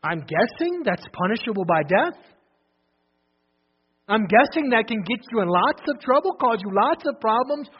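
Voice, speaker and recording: Male pastor preaching, very high voice, big swings from loud to hushed, dull lo-fi sound. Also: sing-song, moderate pace, slightly rough. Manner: swings from loud declarations to hushed, low emphasis; repeats phrases, restarts often. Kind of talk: sermon.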